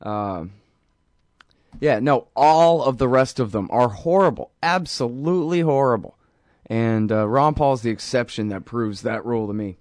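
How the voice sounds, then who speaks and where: A man's voice: mid-range voice, unhurried, darkish tone, no room sound. A man hosting a show, ranting sarcastically about politics in a rambling, mocking way. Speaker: host. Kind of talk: casual political rant.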